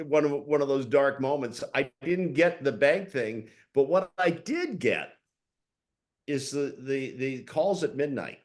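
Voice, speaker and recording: A man hosting a conversation, animated, often laughing as he tells stories. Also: on the high side, measured pace. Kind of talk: conversational interview.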